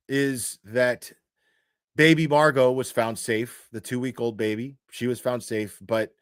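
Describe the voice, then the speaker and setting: He is a true crime commentary streamer telling a story on a livestream, cursing bluntly and restarting often amid many fillers. His mid-range voice stays steady, smooth and unhurried.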